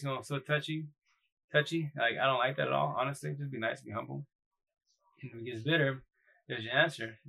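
A man with a medium-pitched, pushed and bright voice hosts a casual live stream giving dating advice. He talks bluntly in loose slang with many restarts, and the low-quality audio comes from a phone or computer mic.

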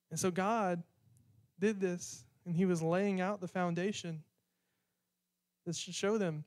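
High-voiced man preaching casually. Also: little pitch movement, moderate pace, pauses often, darkish tone, clean tone, no room sound, clean studio sound. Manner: sarcastic, chatty, repeats words while thinking. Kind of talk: casual conversational sermon.

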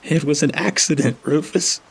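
A man's voice: mid-range voice, moderate pace, husky, pitched above the performer's own voice, lightly acted. A man voicing an angry, guilt-ridden male drunk driver who snarls his words.

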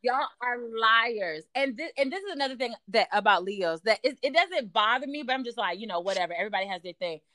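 A woman's voice: a little high, fairly quick, few pauses, no echo. A woman in casual chat, telling a dating story with emphatic repetition and mocking impressions of others. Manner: animated, emphatic, repeats phrases, mimics others in mocking voices.

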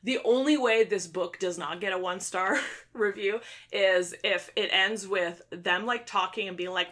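A young woman with a bright, forward voice recaps a book in casual conversation. She is opinionated and animated, jumping into the characters' lines and peppering her talk with fillers and laughter. Her delivery sounds like relaxed gossip between friends. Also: mid-range voice, normal speed. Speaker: book reviewer. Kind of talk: casual chat.

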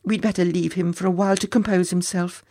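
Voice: medium pitch, steady tone, quick pace, warm tone, close to an everyday voice. A storyteller voicing a doting young princess in a storybook, gushing and fond in a sweetly formal way. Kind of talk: storybook character voice.

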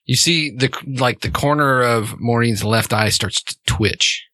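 A man runs a tabletop game, narrating casually with plenty of fillers. His voice is bright and forward. The sound is dry and close. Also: medium pitch, unhurried, no room sound. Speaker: game master.

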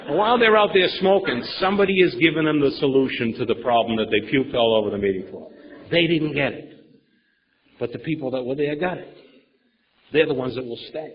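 A man's voice: mid-range voice, a little fast, long reverb tail. A man giving a rambling, emphatic personal recovery share at a meeting, repeating words and swearing casually. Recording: dull lo-fi recording.

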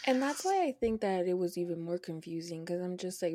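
Woman podcast co-host, animated pitch, emphatic, dry close sound. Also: fast talker, hardly any pauses, no room sound. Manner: emphatic, swears, bursts into loud laughs. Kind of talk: casual podcast chat.

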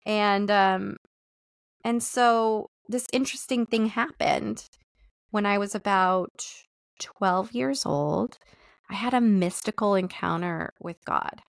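A woman hosting a podcast, telling a personal story in a soft, reflective, confessional way with thoughtful pauses. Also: mid-range voice, creaky, no room sound, studio quality. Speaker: podcast host.

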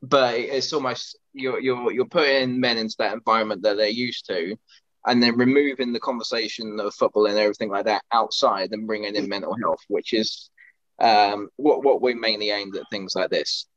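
A man co-hosting a podcast, speaking earnestly and rambling through his points with frequent restarts. His voice sits on the low side, and the recording is dull and lo-fi. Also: fairly even intonation, moderate pace, fairly bright tone. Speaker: podcast co-host. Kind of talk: casual podcast chat.

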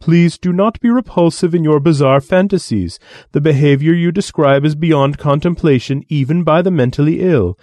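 A man putting on a haughty alien envoy for an audiobook story. He lectures in a raised, pompous voice, mellow and dry. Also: on the high side, moderate pace, no echo, pitched above the performer's own voice, lightly acted. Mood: disdainful. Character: haughty male alien envoy, condescending and disdainful.

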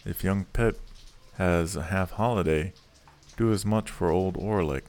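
A man voicing a surly young male journeyman blacksmith who talks gruffly and growls. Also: low voice, a little slow, darkish tone.

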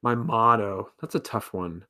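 A man answering questionnaire questions in a casual podcast chat, slow and hesitant with many ums, over a remote call. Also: lowish voice, fairly even intonation, pushed and bright. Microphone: remote call with lag.

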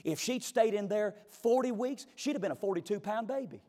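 Pastor, high-voiced, emphatic storyteller, long hall reverb. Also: male voice, a little fast, dark tone, a faint crowd, slight background noise. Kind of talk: sermon.

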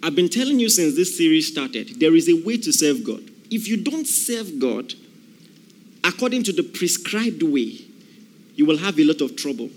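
A man's voice: on the high side, sing-song, a little fast. A man preaching a sermon, emphatic, repeating key phrases and acting out the voices of people in the story.

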